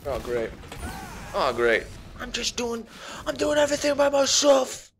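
A man's voice: mid-range voice, sing-song, slow, vocal fry, fairly bright tone, a little hiss or hum, exaggerated voice. A man doing a celebrity impression while commentating a game, meandering and self-mocking and easily sidetracked. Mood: rambling. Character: slow, gravelly, rambling celebrity-impression man.

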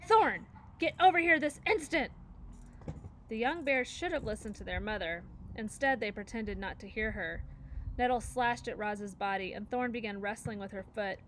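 A woman reading a children's story aloud, narrating expressively and acting out each character. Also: medium pitch. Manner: expressive, acts out voices. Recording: faint background noise.

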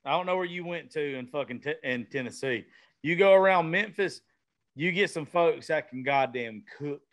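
Southern US man, podcast host, a bit high-pitched, blunt and profane. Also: normal speed, a bit bright. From Southern United States. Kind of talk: casual chat. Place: vintage-themed studio.

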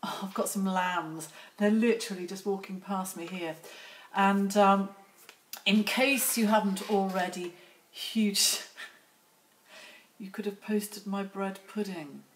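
A middle-aged woman hosts a casual outdoor live stream on her phone near some lambs, chatty and teasing as she greets viewers by name. Her mid-range voice is slow, with long pauses.

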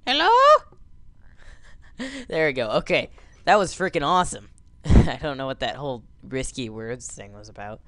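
A young man doing jokey let's play commentary, excitable and yelping and cheering as he plays. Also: medium pitch, unhurried, long pauses, no echo. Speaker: gameplay commentator.

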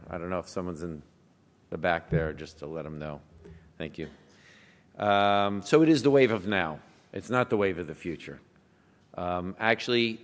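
Deep-voiced man lecturing in a hall. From United States. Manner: anecdotal, conversational, with asides. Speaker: physician lecturer. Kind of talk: conference talk. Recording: long hall reverb.

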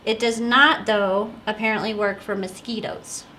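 A woman's voice: medium pitch, steady tone, normal speed, pushed and bright, a little hiss or hum. A woman co-hosting a casual question show, chatty and giggly, telling rambling stories. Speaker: co-host of a store's question show. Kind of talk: casual chat.

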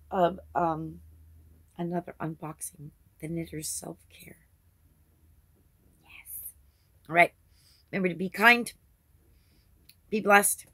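A woman's voice: fairly low pitch, steady tone, slow pace, long pauses, a bit bright, no room sound. A woman hosting her crafting channel, chatting casually through an unboxing and gushing over each item with little gasps.

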